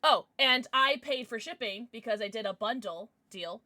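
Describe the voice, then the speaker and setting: A woman livestreamer talking off the cuff to her chat in a bright, forceful voice. She rambles, restarts her sentences and swears freely. The sound is dry and close, with little room echo. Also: fairly high pitch, moderate pace. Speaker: streamer.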